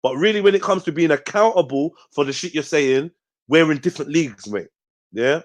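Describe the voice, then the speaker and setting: A man hosts a heated live debate, with a voice sitting a little higher than most men's. He is confrontational and profane, pressing his points and finishing them with a challenging "yeah?". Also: fairly quick. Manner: confrontational, swears a lot, keeps tagging "yeah?". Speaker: host.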